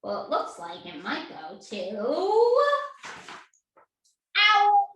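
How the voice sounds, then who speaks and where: A woman with a medium-pitched, slightly bright voice leads a children's story time, reading a picture book, singing, and coaxing little ones to join in. She's recorded from a distance in an echoey room.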